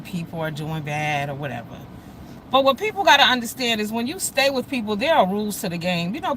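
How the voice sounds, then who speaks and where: A middle-aged woman ranting to her livestream, blunt and unfiltered, her speech salted with profanity. She keeps breaking off to greet viewers by name as they join. Her voice sits in an ordinary middle pitch, with a faint hum of noise behind her. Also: a bit bright, low-quality recording. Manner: blunt, profane, heated storytelling. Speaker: livestream host. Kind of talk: casual livestream rant.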